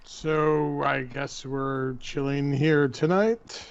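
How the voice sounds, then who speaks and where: A man's voice: medium pitch, steady tone, very slow, creaky, clean tone, no room sound. A man playing a tabletop game, speaking briefly and matter-of-factly in casual chat. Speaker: player. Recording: dry, dull lo-fi recording.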